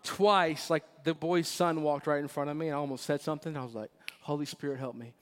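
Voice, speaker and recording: Lively man in his forties preaching. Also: on the high side, fast talker, clean tone. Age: 40s. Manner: animated storytelling with laughter, swings between loud and hushed. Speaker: pastor. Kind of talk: sermon. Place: church sanctuary. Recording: long reverb of a church hall.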